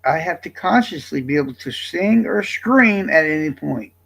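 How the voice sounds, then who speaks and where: Gravelly, blunt live-streamer man. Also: a little high, expressive, normal speed, a bit bright, rough recording. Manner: blunt, exasperated, profane. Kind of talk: casual live-stream chat.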